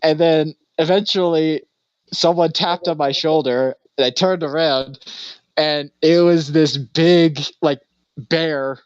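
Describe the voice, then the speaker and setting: A man co-hosting a podcast, telling a rambling story in casual chat and laughing often, with a deadpan delivery when quoting himself. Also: on the high side, slow, clean tone, no room sound, lo-fi sound. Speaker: podcast co-host.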